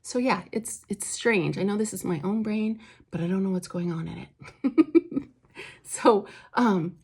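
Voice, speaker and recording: A woman's voice: mid-range voice, unhurried, a little mellow, breathy edge. A woman author chatting casually to camera in a vlog, rambling and enthusiastic, with lots of fillers. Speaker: author and vlogger. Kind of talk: casual get-ready-with-me chat.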